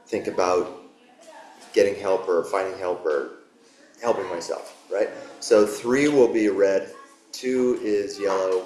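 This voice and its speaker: In a warm studio room full of students, a yoga teacher trainer keeps the class talk casual, joking and offering encouragement. His voice sits on the low side and is a little mellow, with the room giving the recording an echo.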